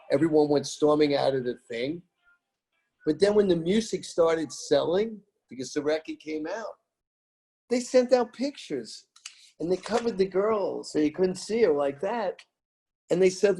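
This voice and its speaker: An American man with a fairly high, warm, husky voice shares music-industry anecdotes in an interview. His storytelling is animated and emphatic, rambling along and repeating his phrases.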